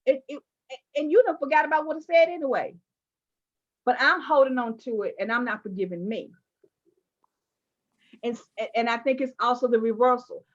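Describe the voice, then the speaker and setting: A woman interviewing a guest, telling personal stories in an animated, emphatic way with playful asides. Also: fairly high pitch, normal speed, long pauses, highs cut off. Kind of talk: candid conversational interview.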